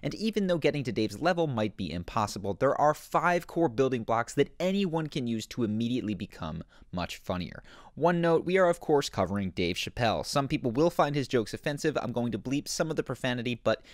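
A man narrates an explanatory video in a scripted voice-over, his pitch rising and falling freely. He sounds animated and explanatory. The recording is dry and close, with no room sound. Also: fairly quick, no room sound. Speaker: host.

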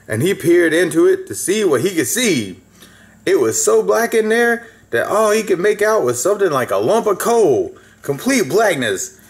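A man reading a children's story aloud in a folksy way, with asides to the listener. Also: fairly high pitch.

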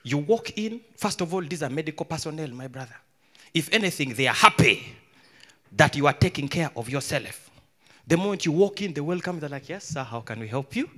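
A young adult Ugandan man doing live stand-up comedy, an animated storyteller who swings between hushed mutters and loud outbursts. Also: fairly high pitch, fairly quick. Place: live comedy stage with audience.

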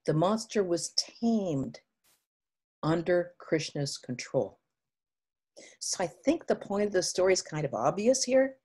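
A woman spiritual teacher delivers a sermon in which she retells an old legend, taking her time and telling it expressively. Her voice is husky and sits on the lower side.

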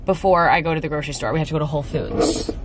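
A young woman races along in a low voice, vlogging in a rambling, casual chat. She's self-mocking, laughs often and swears freely, filming at home and in her car amid room echo and faint ambient noise.

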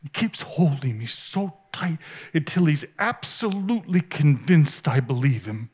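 Male conference speaker, slightly higher voice, earnest storytelling sermon with halting restarts. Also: lively intonation, a little mellow, breathy edge. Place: conference stage.

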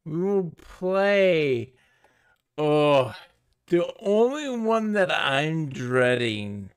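A man's voice: fairly high pitch, sing-song, very slow, clear, resonant tone, dry recording, clean studio sound. A man streaming games live, chatting casually to his viewers in a giggly, rambling way.

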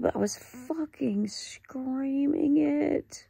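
A woman recording a raw confessional diary clip, halting, upset and close to tears, swearing as she talks. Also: fairly high pitch, animated, vocal fry, dark tone, breathy edge, dry recording. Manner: halting, distressed and ashamed, with swearing. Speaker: vlogger.

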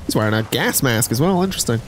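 A man's voice: mid-range voice, animated, fast talker, slight background noise. A man streaming a game, rambling and joking with chat in casual gameplay commentary.

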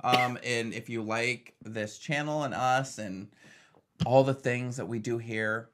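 A young man co-hosting a reaction channel, chatting casually and excitedly in quick bursts. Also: medium pitch.

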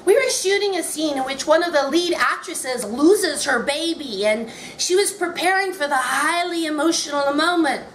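A woman reads her memoir aloud at a bookshop event, telling it in a wry, amused way. Her voice sits high. The room around her is echoey, with faint background noise. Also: lively intonation, normal speed, few pauses, fairly bright tone. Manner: wry, amused, often laughing between lines. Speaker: author reading her book. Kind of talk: memoir reading at a live event.

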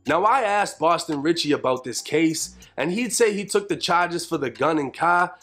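A man giving a measured, matter-of-fact scripted narration for an investigative video. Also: a little high, animated, fairly bright tone, soft background music.

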